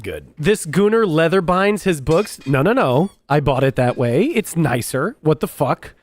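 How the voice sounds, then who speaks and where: A man's voice: a little high, big pitch swings, measured pace. A man hosting a live stream in casual chat, rambling, restarting his sentences and laughing often. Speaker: streamer host.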